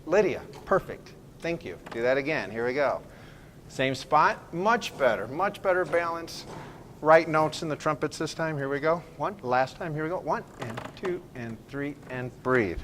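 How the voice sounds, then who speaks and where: A man leading a school band rehearsal, giving brisk, encouraging directions, counting off and singing phrases to show how they should sound. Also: fairly high pitch, lively intonation, a bit bright, a little hiss or hum. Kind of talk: ensemble rehearsal instruction.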